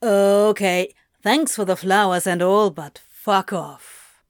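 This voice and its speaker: A woman's voice: mid-range voice, steady tone, slow, no room sound, natural voice. A woman reading a story aloud and voicing a sarcastic, flustered male demon with a dry, mirthless drawl. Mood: sardonic. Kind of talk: audiobook fan fiction reading.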